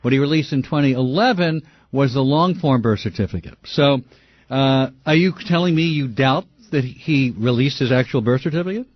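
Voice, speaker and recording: A man's voice: mid-range voice, moderate pace, no echo, lo-fi sound. A man hosting a call-in radio talk show, arguing with callers and ranting in outrage. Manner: heated ranting, shouts in outrage.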